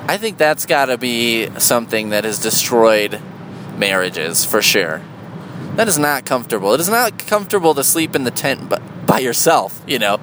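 A man's voice: mid-range voice, expressive, moderate pace, fairly bright tone, slight background noise, poor audio. A man doing stand-up comedy with a sarcastic, mocking, profane delivery.

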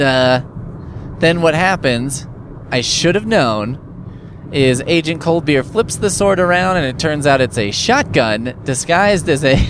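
A man's voice: on the high side, a little hiss or hum. A man casually recapping a story, sarcastic and profane, with lots of fillers.

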